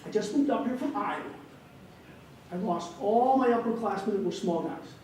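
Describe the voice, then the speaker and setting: A man's voice: sits high, normal speed, darkish tone, slight background noise, lightly acted. A man voicing a big, pushy male wrestling coach who coaxes and insists. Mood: insistent. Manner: insistent, coaxing. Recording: echoey hall, distant mic.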